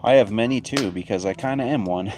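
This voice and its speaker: A man's voice: fairly low pitch, brisk, darkish tone, a little hiss or hum. A man hosting a casual livestream chat outdoors by a backyard bonfire, talking in an easygoing, rambling way and chuckling often. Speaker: livestream host. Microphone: phone.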